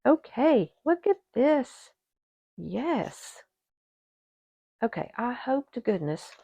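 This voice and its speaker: A woman hosting an orchid channel, chatting to her viewers in a gushing, excitable way while unboxing at a table indoors. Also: a little high, slow, vocal fry, husky, no room sound, highs cut off. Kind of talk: casual unboxing chat to viewers. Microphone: camera set on the table.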